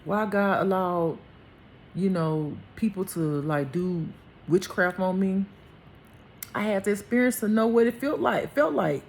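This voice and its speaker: As a spiritual teacher, a woman delivers an impassioned personal monologue, colloquial and blunt, speaking a little slowly in a gravelly voice. When she speaks for God she drops into a hushed, lower voice, and there's a little hiss or hum on the recording.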